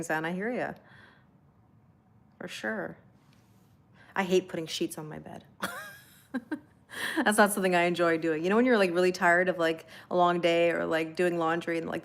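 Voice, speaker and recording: A woman's voice: lowish voice, steady tone, moderate pace, long pauses. A woman hosting a casual live tarot reading, chatting and laughing with viewers and reading their comments aloud in a reassuring tone. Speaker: tarot reader hosting a livestream.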